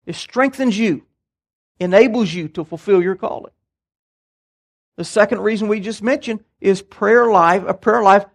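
An older man, preaching a sermon and telling stories in a folksy, animated way. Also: high-pitched, vocal fry. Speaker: pastor.

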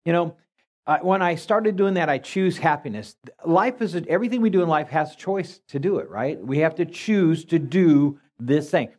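A man's voice: fairly high pitch, animated, normal speed, a little mellow. A man teaching scripture in a church talk, teasing his wife and often restarting his sentences. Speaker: minister, marriage counselor.

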